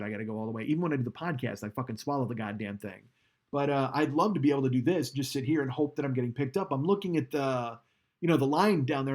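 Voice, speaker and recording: A man hosting a casual live stream, rambling and swearing with self-mocking humor while leaning back from his microphone. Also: mid-range voice. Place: home streaming setup, indoors. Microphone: studio microphone, leaning back from it.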